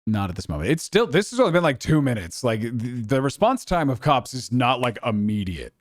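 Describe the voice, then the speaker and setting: A man is the game master of a tabletop role-play session, describing scenes and calling for dice rolls. He narrates casually and loosely, and his pitch swings in animated arcs. The sound is dry, as if close to the mic. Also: fairly quick, dry recording.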